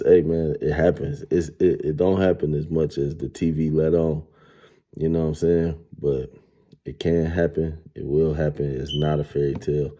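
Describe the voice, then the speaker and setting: A man in his thirties telling a streetwise, profane story in a casual, animated monologue. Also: extremely low pitch. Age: 30s. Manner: streetwise, profane, animated retelling with acted quotes.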